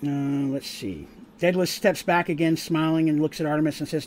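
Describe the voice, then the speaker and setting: Casual game master narrating a tabletop game. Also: male voice, a little high, fairly even intonation, fairly quick, darkish tone, a little hiss or hum. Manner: casual, with fillers, stops to explain rules.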